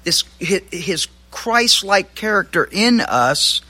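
A male pastor preaching a sermon in a conversational way, with asides and quick self-corrections. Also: sits high, very animated, sharp tone, no room sound.

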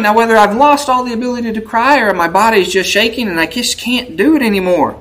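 A man's voice: high voice, fast, a bit bright, poor audio. A man preaching a sermon, asking the listeners questions and building vivid word pictures, with a dramatic rise when quoting the verses. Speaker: pastor. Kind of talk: expository sermon.

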